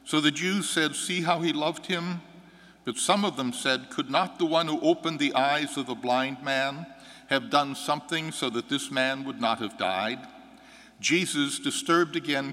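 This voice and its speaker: A man serving as priest, reading the gospel and preaching a homily with a measured, earnest delivery. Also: medium pitch, pushed and bright. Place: church. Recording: long church reverb.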